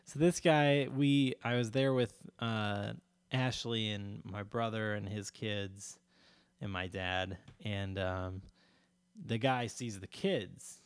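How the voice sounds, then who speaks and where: A man with a low voice tells a casual, meandering story on a podcast, hesitating with lots of fillers and restarts and breaking into laughter. The recording is dry and close, with no room sound. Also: fairly even intonation, slow, clear, resonant tone, no echo. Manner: rambling, many fillers and restarts, laughs often.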